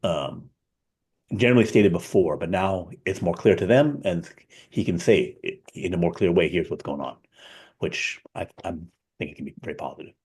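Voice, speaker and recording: A man's voice: deep voice, normal speed, darkish tone, breathy edge. A man co-hosting a casual tech discussion, thinking aloud with many fillers and restarts. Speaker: podcast co-host. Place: San Francisco area.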